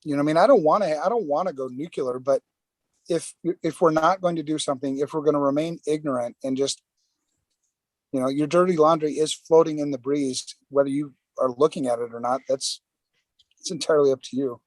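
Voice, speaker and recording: A man with a slightly high voice on a casual podcast, speaking haltingly with fillers and restarts. The sound is close and dry. He works his way through points one phrase at a time. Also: no echo. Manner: halting, repeats himself, many fillers. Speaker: podcast co-host.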